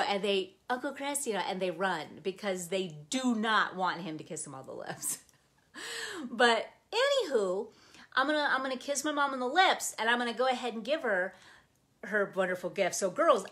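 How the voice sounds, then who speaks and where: A woman's voice: medium pitch, fairly bright tone. A middle-aged woman hosting a live stream, chatting in a bubbly, gushing way. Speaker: planner community host. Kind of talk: casual live-stream chat. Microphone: phone camera.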